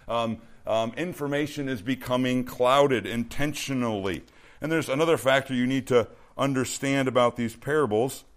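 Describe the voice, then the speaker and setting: A man preaching a sermon to a youth group, earnest and emphatic, often repeating and restarting phrases. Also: mid-range voice. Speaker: youth pastor.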